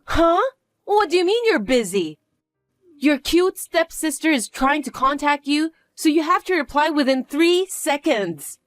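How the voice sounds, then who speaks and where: Woman doing a bratty stepsister voice, high and whiny, bossy and smug, dragging her words. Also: lively intonation, unhurried, dry recording, studio quality, soft background music. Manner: condescending, whiny and demanding. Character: bratty boastful young woman, a spoiled stepsister. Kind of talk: dramatized story reading.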